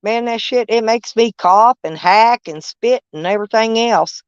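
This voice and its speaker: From her camper, an older woman with a drawl talks in a fairly high, smooth voice at a moderate pace. Her casual live chat is folksy, blunt, and full of swearing, carried over dull, lo-fi stream audio that is close and dry.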